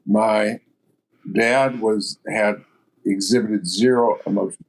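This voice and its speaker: A man's voice: lowish voice, steady tone, slow. A man in his seventies, a business guest in a podcast interview, speaking bluntly and matter-of-factly. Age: 70s. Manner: blunt, matter-of-fact storytelling. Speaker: guest entrepreneur.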